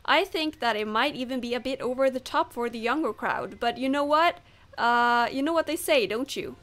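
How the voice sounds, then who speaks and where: A woman's voice: on the high side, moderate pace, a bit bright. A woman who is not a native English speaker, chatting casually over gameplay and laughing off her own misreads. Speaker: gamer.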